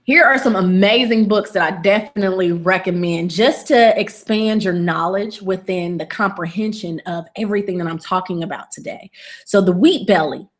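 A woman wellness coach giving a webinar lesson, animated and playful, often repeating herself for emphasis. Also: medium pitch.

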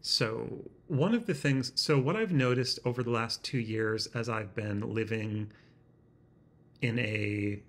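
A man talking to his laptop camera in a house, halting and self-deprecating, searching for his words, with a slightly constricted sound in his throat. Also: medium pitch. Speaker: vlogger. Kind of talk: rambling self-conscious vlog. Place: indoors in a house. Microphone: laptop webcam.

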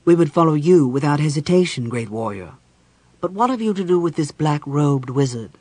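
A man's voice: on the high side, lively intonation, normal speed, darkish tone, dry recording. A man reading an audiobook voicing a courteous, earnest young nobleman who speaks formally. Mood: respectful. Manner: formal, respectful.

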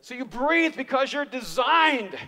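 A man preaching a sermon as an animated, humorous storyteller. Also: very high voice, a little slow. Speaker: speaker. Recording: reverberant live hall.

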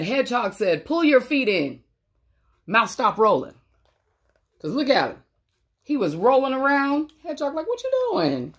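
Playful woman reading a picture book. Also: mid-range voice. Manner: playful, laughing, chatty asides to kids. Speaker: storybook reader for children.

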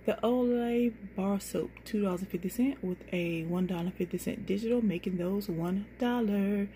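A woman's voice: mid-range voice, normal speed, mellow, slight background noise. A woman vlogger walking viewers through coupon deals item by item in a chatty, casual way. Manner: chatty, lists prices item by item, says y'all. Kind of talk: casual deal walkthrough to camera.

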